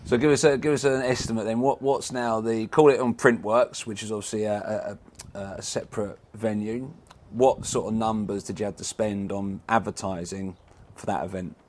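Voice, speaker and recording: A man hosting a podcast, asking questions in a casual interview and often putting in quick yeahs. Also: fairly low pitch, steady tone, darkish tone. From England. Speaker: podcast host.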